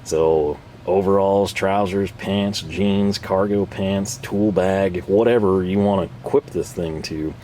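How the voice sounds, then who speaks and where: A man's voice: low voice, fairly even intonation, slow pace, hardly any pauses, dark tone, slight background noise. A man casually reviewing tools for his channel, rambling and self-deprecating with frequent chuckles. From North America. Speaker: tool reviewer and channel host.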